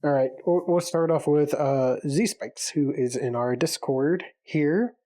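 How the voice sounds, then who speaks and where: A man co-hosting a casual podcast, easygoing and quick to laugh, sometimes stumbling over words. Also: on the high side, warm tone. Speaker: podcast co-host.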